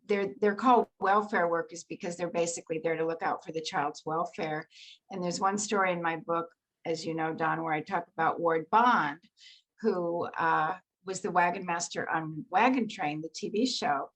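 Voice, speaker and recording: Older woman telling lively anecdotes. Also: lowish voice, normal speed, poor audio. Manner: animated anecdotal storytelling with laughs. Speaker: guest actress. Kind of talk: storytelling in an interview.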